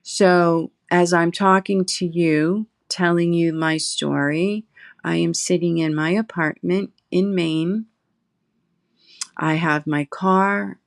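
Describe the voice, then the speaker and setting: A middle-aged woman, a guest in recovery, telling her personal story slowly and reflectively, pausing often. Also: on the low side, fairly even intonation, vocal fry, dry recording, studio quality. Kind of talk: emotional personal testimony. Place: her apartment.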